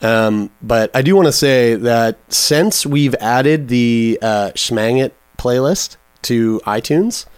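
A man's voice: medium pitch, slow, hardly any pauses, clear, resonant tone, no echo. Male podcast co-host, loose and profane, dry close mic. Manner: profane, animated, joking. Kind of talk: casual podcast banter. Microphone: studio mic.

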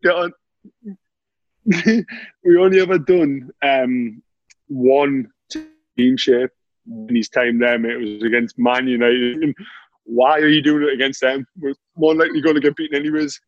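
A man's voice: a little high, moderate pace, no echo, highs cut off. Man, 30s, ex-player spinning dressing-room yarns, dry close sound. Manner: laughing, animated anecdotes with lots of "mate". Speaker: former footballer guest. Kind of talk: casual storytelling chat.

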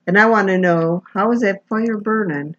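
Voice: medium pitch, normal speed, a bit bright. Co-host chiming in on a dull, noisy line. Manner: interjecting, finishing the other host's sentences. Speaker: podcast co-host. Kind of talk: casual movie recap chat. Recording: dull lo-fi with faint noise.

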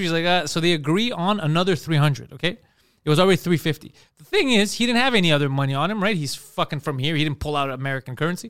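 A man with a high voice tells a profane story at a quick clip, acting out every quoted line. He sounds like a comedian on a podcast. The sound is close and dry. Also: clean tone, dry recording. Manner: animated, profane storytelling, acts out quoted lines. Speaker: comedian guest.

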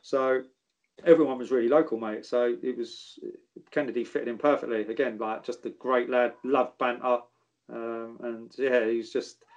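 Bloke telling footy stories, says mate a lot, kinda muffled recording. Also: male voice, mid-range voice, fairly even intonation, moderate pace. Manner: laddish, swears freely, says mate and geezer. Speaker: former footballer guest. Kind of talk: casual storytelling chat.

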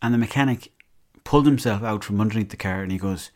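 Rambling, swearing Irish man, low voice. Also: quick pace. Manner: rambling, profane storytelling. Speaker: podcast host. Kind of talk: comic monologue.

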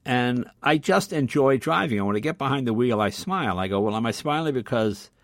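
Animated older man telling stories. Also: mid-range voice, a little fast, no room sound, studio quality. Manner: animated storyteller, acts out voices loudly. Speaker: guest. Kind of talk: casual storytelling.

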